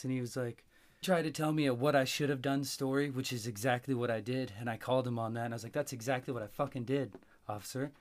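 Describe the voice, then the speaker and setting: A man telling a long story in casual talk, cursing freely and getting animated. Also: medium pitch. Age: adult with a young child. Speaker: podcast host.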